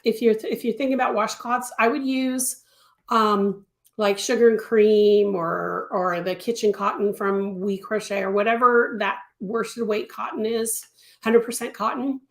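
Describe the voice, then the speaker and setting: A woman's voice: mid-range voice, steady tone, unhurried. Woman, crochet teacher, live-stream tutorial, chatty, repeats words for emphasis, echoey room. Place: home craft studio.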